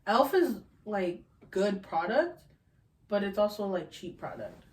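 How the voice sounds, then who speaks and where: A woman of twenty-one chats on her podcast with a loose, animated storyteller's delivery. Her voice rises and falls widely as she talks, and she swears freely. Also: mid-range voice, unhurried. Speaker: podcast host. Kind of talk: casual podcast chat.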